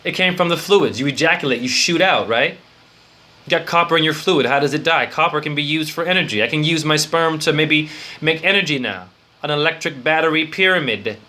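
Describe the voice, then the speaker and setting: Excitable rambling male spiritual teacher. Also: on the high side, a little fast. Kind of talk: improvised esoteric lecture.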